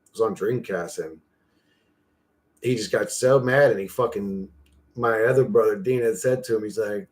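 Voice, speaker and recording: A man's voice: on the low side, normal speed, darkish tone. Rambling, foul-mouthed guy chatting casually. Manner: loose, profane, talks to himself while clicking through an image generator. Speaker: channel host.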